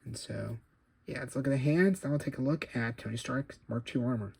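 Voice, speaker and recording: A man's voice: medium pitch, a little fast, creaky, a little mellow, breathy edge, no room sound. A man casually reviewing an action figure, rambling and correcting himself as he goes. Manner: rambling, self-correcting, chatty. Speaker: toy collector reviewer.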